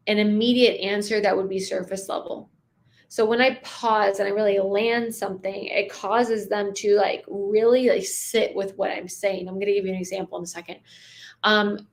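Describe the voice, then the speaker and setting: A young adult woman teaches sales technique in a relaxed, chatty way. She slows down, stresses single words and lets pauses hang. Her voice sits at an ordinary middle pitch. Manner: conversational, slows down and pauses for emphasis. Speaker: sales coach. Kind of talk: casual teaching with spoken sales examples.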